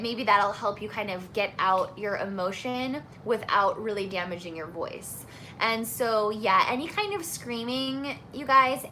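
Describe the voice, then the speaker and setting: A woman's voice: on the high side, pushed and bright, slight background noise. A young woman singing teacher chatting casually while answering viewer questions, friendly and full of fillers. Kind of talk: casual live Q&A chat.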